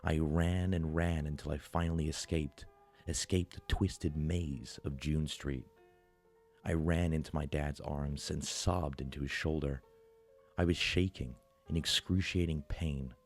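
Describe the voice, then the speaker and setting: A man narrating a first-person horror story, slow and measured with dramatic pauses. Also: rumbling low, steady tone, soft background music.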